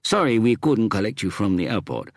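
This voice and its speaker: A man's voice: fairly low pitch, big pitch swings, fairly quick, no echo, clean studio sound, pitched above the performer's own voice. A man voicing a small, enthusiastic police chief eager to please his guest. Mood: welcoming.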